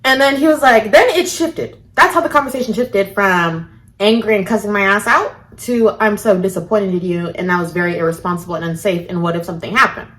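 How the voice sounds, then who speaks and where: In a storytime vlog, a woman with a brisk, mid-range voice recounts events casually. She is animated and profane throughout, acting out every quote.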